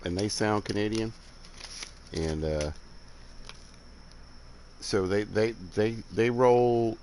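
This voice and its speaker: An older man from Alabama, with a Southern US accent touched by some Midwestern, chats casually while streaming a game. His voice is lowish, slow and a little mellow, and he rambles in a laid-back way, chuckling and drifting off as he builds. There's slight background noise.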